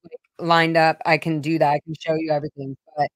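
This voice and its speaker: A woman's voice: low voice, flat delivery, brisk, dry recording, rough recording. A woman hosting her own vlog, telling a personal story in a rambling, emotional way with many fillers and restarts. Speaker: vlog host.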